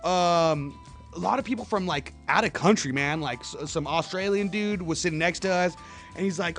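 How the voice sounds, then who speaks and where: Slangy laid-back young man, high voice. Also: a little fast, fairly bright tone, soft background music. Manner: laid-back slangy storytelling, laughing often. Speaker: radio show co-host. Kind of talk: casual chat.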